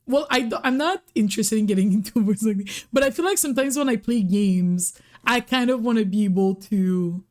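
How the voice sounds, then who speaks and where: A young woman hosting a casual interview, asking questions in a relaxed, chatty way that often trails off with fillers. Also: on the high side, a little fast, hardly any pauses. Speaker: interview host.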